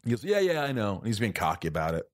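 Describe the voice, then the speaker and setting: A man in casual conversation, telling stories with animated quoted dialogue and frequent swearing. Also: lowish voice, fast. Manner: animated storyteller, acts out quotes, swears often. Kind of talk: casual storytelling chat.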